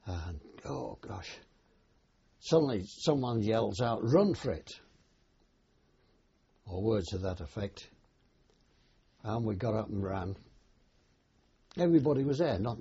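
An older man, once a soldier, shares memories of his service in plain, hesitant oral-history fashion, taking his time. His voice is on the low side, gravelly and mellow but animated. Slight background noise runs under the dull lo-fi recording.

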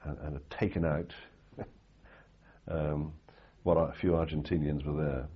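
A man's voice: a bass voice, flat delivery, a little slow, slightly rough, muffled recording. An older man telling anecdotes in an interview, rambling with restarts and fillers. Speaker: interviewee recalling war reporting. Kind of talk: storytelling in an interview.

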